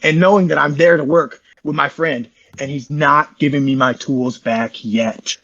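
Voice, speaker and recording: A man's voice: a little high, fairly even intonation, fairly bright tone, dull audio. A man, an interview guest, telling a long rambling story in slangy, repetitive casual talk over a call. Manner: fast, repetitive, slangy, says "bro" often.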